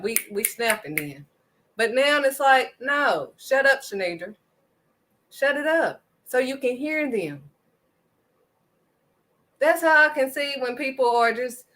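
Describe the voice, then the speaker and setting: A faith vlogger with a fairly high, pushed, bright voice speaks passionately to her viewers, preaching emphatically and hammering each point home with a firm "period."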